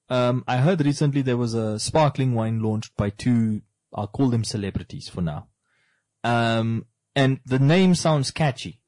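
A man's voice: medium pitch, darkish tone, no room sound. A man hosting a casual talk discussion, talking animatedly and firing rhetorical questions at his co-host.

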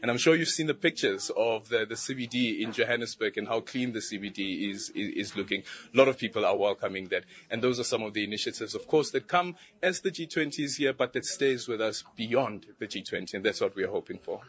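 A man's voice: fairly low pitch, a little fast, few pauses. A man, a government official, answering a news interviewer about tourism in an upbeat, promotional way. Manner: upbeat, promotional, fluent with fillers.

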